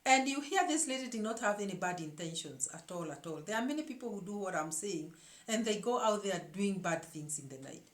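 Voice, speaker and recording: A woman's voice: mid-range voice, expressive, a little fast. A woman hosting her own show, telling a story to her viewers in an emphatic way and often repeating words as she searches for the next one. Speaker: show host. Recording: echoey room.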